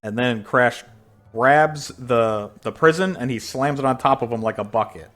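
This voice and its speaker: A man's voice: mid-range voice, moderate pace, a bit bright, soft background music. A man casually reading a translated comic aloud and narrating its panels, in a loose, rambling way with many fillers. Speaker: reader.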